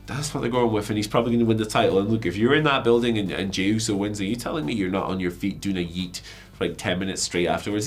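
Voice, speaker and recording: A man with a very low, hoarse voice, croaking through his flu as he hosts a wrestling news show. He talks casually and pokes fun at himself, with plenty of ums and uhs. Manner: chatty, self-mocking, lots of fillers.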